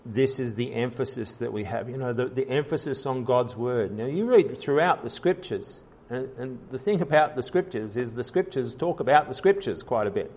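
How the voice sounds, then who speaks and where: Pastor, male, mid-pitched voice, preaching earnestly, halting with fillers and restarts, building emphasis on key points. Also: lively intonation, a little mellow. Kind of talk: sermon.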